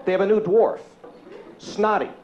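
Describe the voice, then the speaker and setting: A man doing a brash, loud stand-up comedy routine in a comedy club. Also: high voice, lively intonation, normal speed, noisy background. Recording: echoey club, lo-fi tape, loud crowd.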